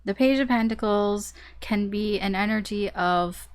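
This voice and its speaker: A woman doing a casual tarot reading, chatty and animated, who laughs often and swears casually. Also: mid-range voice, measured pace, few pauses. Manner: animated storytelling. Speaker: tarot reader.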